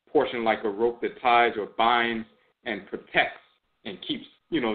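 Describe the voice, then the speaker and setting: A man giving a measured spiritual lecture, often repeating phrases and trailing off with "and so forth". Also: medium pitch. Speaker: host and spiritual teacher. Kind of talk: spoken lecture on spiritual tradition. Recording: tinny phone-like sound.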